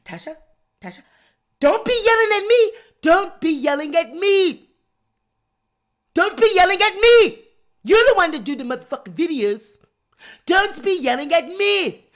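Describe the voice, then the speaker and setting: Woman playing a defensive, evasive husband who pleads and repeats himself; a lower, put-on voice. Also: fairly bright tone. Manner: pleading, repetitive excuses. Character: meek defensive foreign husband, evasive and whiny. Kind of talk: comedic skit.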